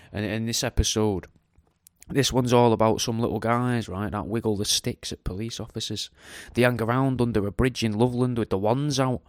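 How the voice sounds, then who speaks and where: A man's voice: on the low side, clear, resonant tone, no room sound. Male podcast host, rambling and jokey, resonant voice, close dry sound. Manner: rambling, jokey, sweary, slangy. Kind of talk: casual monologue.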